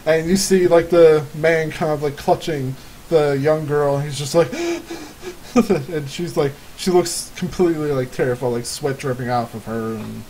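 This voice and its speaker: Giggly guy running a tabletop game, kinda high voice, little bit of hiss behind. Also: steady tone, moderate pace, warm tone, poor audio. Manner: giggly, rambling with many fillers. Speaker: game master.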